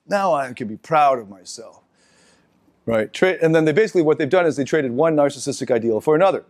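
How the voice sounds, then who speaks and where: Animated man lecturing a seminar. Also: medium pitch. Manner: animated, halting, many restarts and asides to the audience. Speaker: seminar speaker.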